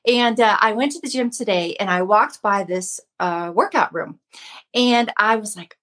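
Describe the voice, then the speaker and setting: A woman's voice: medium pitch, a little fast, fairly bright tone. A woman in her fifties giving a casual devotional talk to her viewers, earnest and chatty, repeating herself often. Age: 50s. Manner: earnest, chatty, with frequent repetition. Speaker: host of a Christian mom channel.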